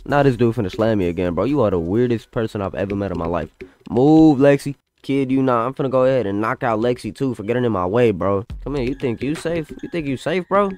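Hyped trash-talking young man gaming. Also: mid-range voice. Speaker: gaming YouTuber. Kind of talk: live gameplay commentary. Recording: loud game music and hit sounds behind.

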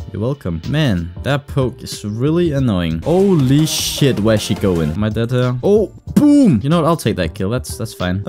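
A man commentating his own online game play, excitable, swearing and breaking into sudden loud outbursts. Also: fairly low pitch. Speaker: gaming YouTuber. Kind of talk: live gameplay commentary.

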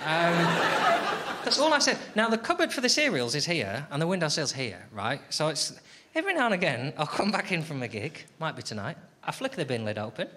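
A male comedian performing stand-up with a wry, self-deprecating delivery. His pitch swings freely from line to line, and the live recording carries a noisy background. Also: huge pitch swings, a little fast, pushed and bright. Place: comedy venue with a live audience.

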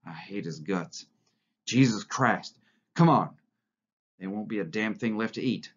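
A man reading the part of a sharp, wary male farmhand who talks curtly and impatiently. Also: lowish voice, lively intonation, measured pace. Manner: curt, impatient. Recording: lo-fi recording.

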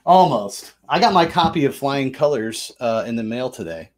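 A man's voice: medium pitch, lively intonation, moderate pace. A man hosting a board game session, explaining the rules casually, loose and chatty, with fillers and self-corrections.

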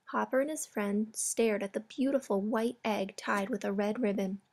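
Female storyteller, mid-pitched, calm children's story reading. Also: moderate pace.

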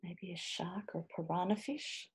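A woman reading a children's picture book aloud over a video call, expressive and playful, slipping into whispers and little asides. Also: fairly low pitch, normal speed, breathy edge. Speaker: children's storybook reader.

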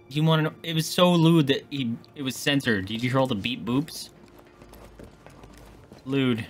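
A man streaming a video game, chatting casually and joking at the screen, often swearing when he gets excited. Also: mid-range voice, moderate pace, pauses often. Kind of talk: casual gameplay commentary.

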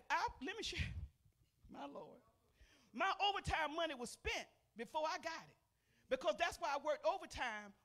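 An older woman pastor giving a testimony sermon to a congregation in a church. She talks in a folksy way, calling out to the people, and swings between loud emphatic bursts and soft murmurs. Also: high voice. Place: church sanctuary.

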